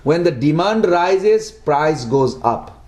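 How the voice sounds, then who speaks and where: A man giving a devotional talk to a small group in simple, broken English, often asking lively rhetorical questions. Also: fairly high pitch, takes it slowly, roomy sound. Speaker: devotional speaker.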